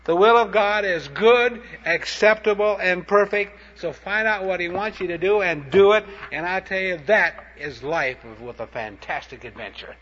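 A man's voice: sits high, normal speed, hardly any pauses, fairly bright tone, a little hiss or hum. A man preaching a sermon, telling short anecdotes in a plain-spoken, punchy way. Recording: dull lo-fi recording.

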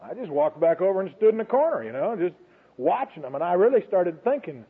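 High and husky, this man's voice swings widely in pitch as he talks fairly quickly, recounting a colloquial, dramatic church testimony straight to his listeners. The folksy story comes over a tinny, phone-like broadcast.

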